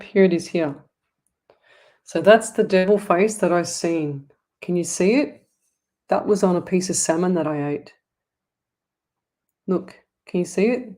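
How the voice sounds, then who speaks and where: Chatty Australian woman, lowish voice. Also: dark tone. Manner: chatty, rambling, affectionate toward viewers. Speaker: psychic medium host. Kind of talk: casual live-stream chat.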